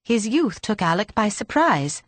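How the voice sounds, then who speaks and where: This is scripted audiobook narration by a woman, read at an even, measured pace. Her voice sits at medium pitch, and there's no echo.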